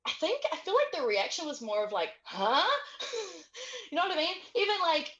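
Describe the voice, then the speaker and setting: A woman's voice: very high voice, sing-song, a little fast, a bit bright. A woman with an accent talks casually as an interview guest, laughing often and trailing off between thoughts. Her voice comes through a video call on headphones, with a dull, slightly muffled sound. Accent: non-native English accent. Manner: giggly, trailing off with fillers.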